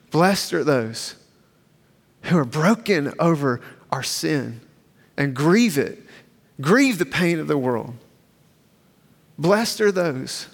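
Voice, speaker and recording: A man preaching a sermon as pastor, measured and emphatic, slowing down for repeated refrains and leading a prayer. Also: on the high side, big-room sound.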